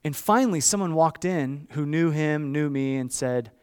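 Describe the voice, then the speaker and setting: A man in his thirties preaching a sermon, with a storytelling delivery that swings from hushed to loud. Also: fairly high pitch, moderate pace, smooth. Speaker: pastor.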